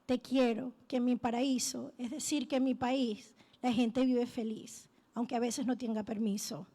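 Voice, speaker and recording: A woman reciting a love poem with steady rhythm at a poetry night. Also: a little high, normal speed. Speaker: poet performing at a poetry night.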